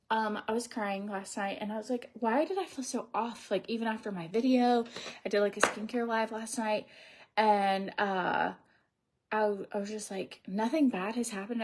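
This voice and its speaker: Chatting loosely as she applies makeup on a livestream, a woman in her thirties, a beauty vlogger, wanders from topic to topic and frequently drops to a near whisper. Her voice is mid-range and slightly rough.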